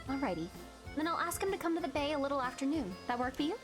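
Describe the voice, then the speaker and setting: A streamer doing a cheery young girl pal, high and bouncy, sing-songy, music playing under it. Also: lively intonation, very fast. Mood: upbeat. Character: cheerful helpful young woman friend. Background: game music.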